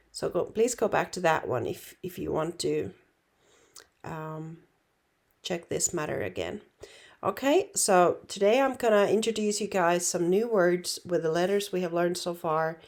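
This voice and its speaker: Woman whose first language is Finnish, easygoing teacher, slow deliberate delivery. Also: lowish voice. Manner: unhurried, reassuring, many fillers and restarts. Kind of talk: relaxed online lesson.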